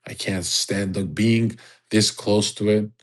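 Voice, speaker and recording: A man's voice: lowish voice, steady tone, slow, rough recording. A young adult man, hosting an audio chat room in a blunt, crude, casual rant.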